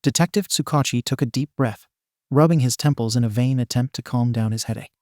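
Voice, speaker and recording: A man's voice: medium pitch, brisk, a little mellow, no echo, studio quality. A man narrating a comic story in a wry, playful way.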